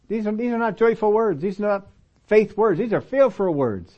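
A male preacher giving a casual, animated sermon, acting out little dialogues and telling stories from his own working life. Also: high-pitched, normal speed. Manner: animated, acts out dialogue voices. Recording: dull, lo-fi audio recording.

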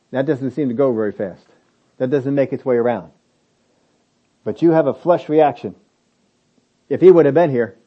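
A man preaching a sermon, animated and acting out the reactions he quotes. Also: medium pitch, dull audio. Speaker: pastor.

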